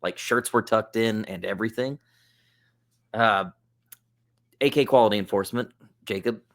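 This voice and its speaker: A man, a podcast guest, telling a funny story in a relaxed, chatty way, with plenty of "like" and "uh". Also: on the low side, normal speed. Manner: relaxed, chatty, with lots of fillers like "like" and "uh". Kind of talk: casual storytelling.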